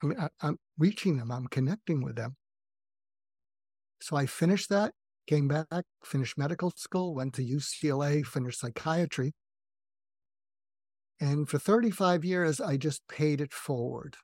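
A man's voice: on the high side, unhurried, pauses often, darkish tone, breathy edge, dry recording, studio quality. An older man from New England, a psychiatrist guest, telling a personal story in an earnest, reflective, self-revealing way.

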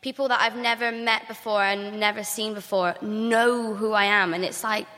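A woman's voice: mid-range voice, steady tone, moderate pace, pushed and bright, long reverb tail. A young woman with a British accent, chatting as a guest actor on a live theater stage, laughing often and saying "like" a lot. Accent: British English. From England. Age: young adult. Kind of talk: casual chat on a live stage. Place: theater stage before an audience.

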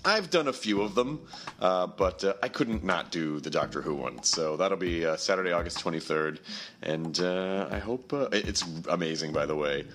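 A hoarse man hosting a podcast, giving a rambling, self-mocking solo intro in a hurry. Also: low-pitched, fairly bright tone, slight background noise. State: hoarse, lost voice. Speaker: podcast host.

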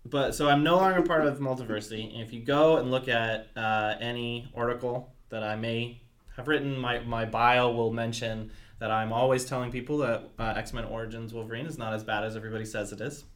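A man's voice: medium pitch, steady tone, a little fast, fairly bright tone. A man hosting a podcast in casual chat, playful and jokey, laughing often. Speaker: podcast host.

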